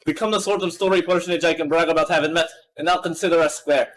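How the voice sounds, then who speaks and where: A man's voice: fairly high pitch, fairly even intonation, fast talker, a little hiss or hum, natural voice, rough recording. A man reading aloud a wordy, boastful game character in a put-on Scottish accent, stumbling over long words. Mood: theatrical. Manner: flowery old-fashioned speech, stumbling over words.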